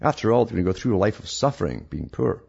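His voice is on the low side, husky and darkish, with vocal fry and big swings in pitch as he speeds along. He's a talk host reading news articles in a sarcastic, rambling monologue, frequently restarting sentences, captured on a dull lo-fi recording.

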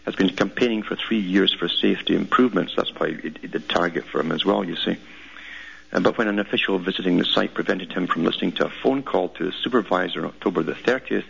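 A man's voice: sits low, gravelly, fairly bright tone, breathy edge. A man hosting a talk radio show, reading out news clippings in a rambling, sardonic monologue full of repeated words. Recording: dull lo-fi radio broadcast.

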